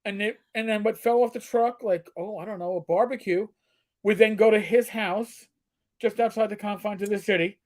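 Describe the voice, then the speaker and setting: At a normal speed, a middle-aged co-host talks in a high, slightly mellow voice with fairly level intonation. His casual storytelling leans crude and jokey, with occasional put-on voices.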